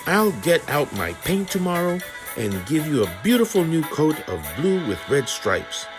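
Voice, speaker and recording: A man's voice: a little high, big pitch swings, moderate pace, music in the background, pitched above the performer's own voice. A man playing a kindly train driver. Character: friendly adult male train driver.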